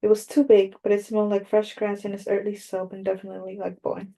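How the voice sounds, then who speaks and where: A woman narrates a first-person audiobook in a measured, even reading. Her voice is dark and mellow, and the melody stays flat from line to line. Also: mid-range voice.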